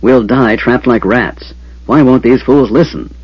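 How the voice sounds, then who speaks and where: A man voicing a desperate, hotheaded knight in an audiobook, hoarse and fierce. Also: mid-range voice, a little slow, no echo. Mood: despairing. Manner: fierce and frantic. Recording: dull lo-fi.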